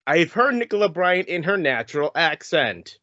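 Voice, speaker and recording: A man's voice: a little high, big pitch swings, normal speed, bright, forceful tone, no echo. A man co-hosting a podcast, filling in background in a matter-of-fact way. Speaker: podcast co-host. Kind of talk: casual podcast chat. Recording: dull lo-fi podcast mic.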